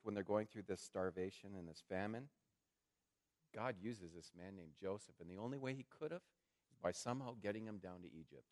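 A man preaching a sermon in a conversational way, calling his listeners friends and swinging between loud emphatic phrases and quiet, hushed asides. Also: on the low side. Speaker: pastor.

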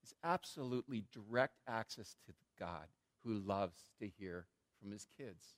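Animated conversational male preacher. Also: fairly low pitch, unhurried. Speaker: pastor. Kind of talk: sermon.

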